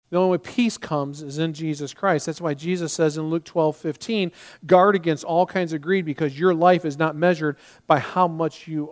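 A man preaching a sermon as pastor, repeating key lines and acting out his listeners' worries in quick asides. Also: sits high.

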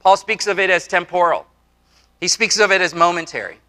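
A man's voice: high-pitched, lively intonation, a little fast, bright, forceful tone. A man in his forties preaching a sermon to a church congregation, earnest, with repetitions and casual asides. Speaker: pastor.

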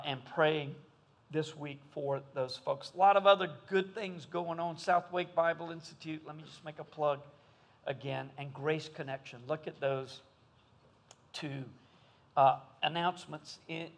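A man preaches in an easy, folksy way. His voice sits a little higher than most men's, and he chats with the congregation as he talks. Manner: folksy, conversational. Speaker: pastor. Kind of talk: sermon.

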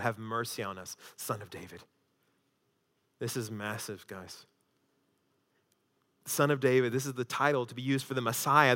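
Bright-voiced preacher in a reverberant hall. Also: male voice, on the high side. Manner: preaching with sudden swings between loud emphasis and hushed intensity. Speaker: pastor. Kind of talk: sermon.

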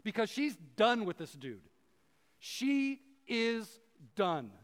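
A man with a high voice gives a loose, conversational sermon and acts out the people he talks about. His voice rings with a long reverb from a large hall. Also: takes it slowly. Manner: casual and animated, acts out voices, many fillers. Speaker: preacher and professor.

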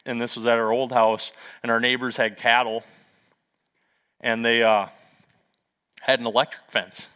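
Bright-voiced storytelling pastor. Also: male voice, medium pitch, unhurried, pauses often, smooth. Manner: lively storytelling with asides and self-deprecating humor. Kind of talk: sermon.

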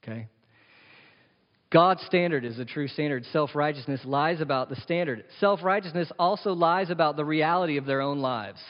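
A man's voice: on the high side, a little fast, few pauses. A male pastor preaching an emphatic sermon, full of rhetorical questions and playful asides. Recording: echoey hall, dull lo-fi sound.

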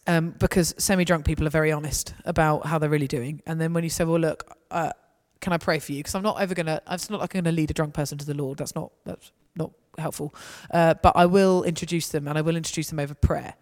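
Woman, conversational talk, animated storytelling, echoing hall. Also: deep voice, quick pace, hardly any pauses. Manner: conversational, lively and anecdotal. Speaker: speaker. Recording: reverberant hall.

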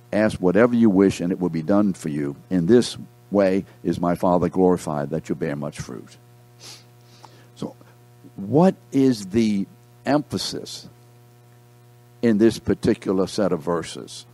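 Man teaching a Bible class, low and mellow. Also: measured pace, no room sound. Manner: reads scripture aloud, breaks off to quiz the class; repeats key words for emphasis.

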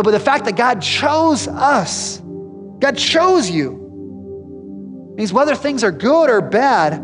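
High-voiced preacher in an echoey hall. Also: male voice. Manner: conversational, direct, emphatic. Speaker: pastor. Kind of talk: sermon. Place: church sanctuary.

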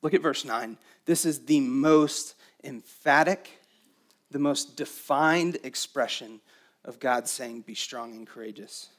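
A man preaching a sermon as pastor, swinging between emphatic raised passages and quiet, intimate stretches. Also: mid-range voice, slow pace.

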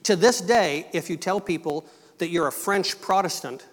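A middle-aged man gives a missionary talk at a church, in an easy, storytelling voice with bits of humor. His voice sits a little high for a man. A long reverb hangs in the sanctuary around him. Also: normal speed. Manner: conversational, storytelling, light humor. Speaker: missionary speaker.

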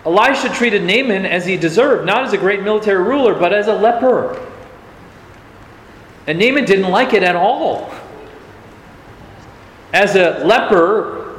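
A man's voice: high-pitched, a little hiss or hum. A man preaching a sermon as pastor, speaking in an earnest, challenging way and asking the congregation rhetorical questions. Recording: echoey hall, faint ambience.

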